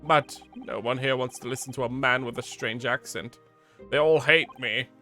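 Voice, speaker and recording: A man voicing an anxious young male foreign student, in a high-pitched, freaked-out voice, while reading a game aloud. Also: moderate pace, bright, forceful tone, faint music behind, natural voice. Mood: pleading.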